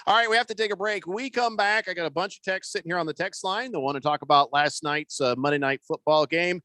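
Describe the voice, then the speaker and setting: A man hosting a casual sports talk radio show, talking in a halting way with lots of fillers and restarts. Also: high voice, sharp tone, dry recording.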